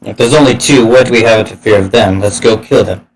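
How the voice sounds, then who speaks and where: A man's voice: on the low side, a little fast, vocal fry, poor audio. A man voicing a brash male warrior who talks bluntly and wants to fight. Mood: dismissive.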